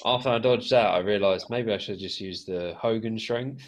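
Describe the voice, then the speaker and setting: A man playing a tabletop game, chatting casually, who swears now and then. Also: lowish voice. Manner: slow, relaxed, swears casually.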